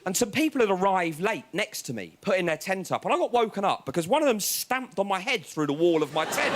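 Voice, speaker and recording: A man doing stand-up comedy with a high, lively voice that swings all over the place. He acts out other people's voices as he tells his story. The set was recorded live in a TV studio, with a faint audience and room sound behind him. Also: fairly quick, hardly any pauses, a little hiss or hum. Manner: animated, acts out other voices, jumps into a much higher yelling pitch. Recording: live TV studio with crowd laughter.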